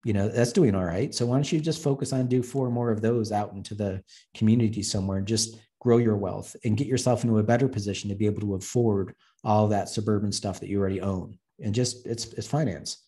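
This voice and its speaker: A man's voice: lowish voice, fast, warm tone. A man, an urban planner, giving a blunt, joking webinar talk over slides and acting out the dialogue he quotes. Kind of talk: presentation with slides.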